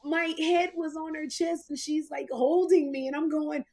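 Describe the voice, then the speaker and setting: A woman in her fifties hosting a talk show, telling stories in an animated, emotional way. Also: high voice, moderate pace. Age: 50s. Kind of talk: casual podcast chat.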